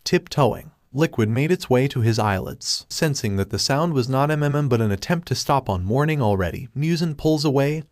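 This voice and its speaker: A man reads a fan-fiction story aloud in a flat, even manner, speaking punctuation aloud. His pitch sits in an ordinary middle range. The recording is dry and close, with no room sound. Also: moderate pace, hardly any pauses, no echo. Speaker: narrator.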